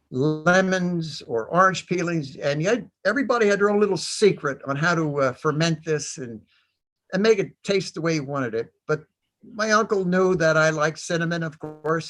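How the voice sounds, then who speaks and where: An older man recounting his service days as a panel guest. He rambles through anecdotes with frequent fillers and small chuckles, his voice sitting a little high for a man. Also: fairly bright tone. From United States. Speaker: veteran panelist. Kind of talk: storytelling on a panel.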